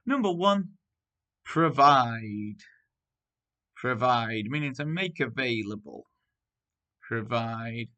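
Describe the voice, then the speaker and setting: With a bright, forceful tone at medium pitch, a man who teaches primary school calls out spelling test words one by one. His dictation is clear and deliberate, and he pairs each word with an example sentence.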